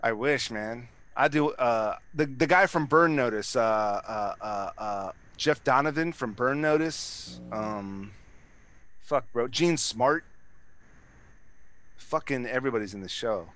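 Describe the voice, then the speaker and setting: A man's voice: mid-range voice, slow, fairly bright tone, a little hiss or hum. A man in casual chat, rambling and swearing, with many restarts and fillers.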